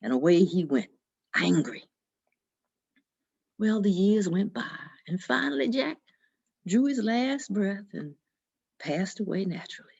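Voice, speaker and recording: A woman telling a folk tale in an expressive, dramatic storytelling manner. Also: mid-range voice, measured pace, creaky, long pauses, slightly rough. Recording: dull lo-fi recording.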